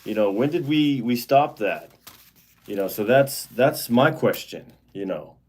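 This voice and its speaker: A man's voice: mid-range voice, animated, measured pace, darkish tone, slight background noise. A man hosting a livestream, talking in a rambling, casual way with lots of fillers and restarts, and getting heated and indignant. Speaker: live-stream host.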